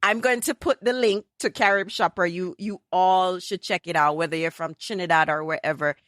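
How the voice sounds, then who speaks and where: A woman's voice: fairly low pitch, normal speed, no echo, studio quality. Jamaican woman hosting a chatty podcast. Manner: lively storyteller slipping into patois. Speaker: podcast host. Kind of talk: casual conversational interview.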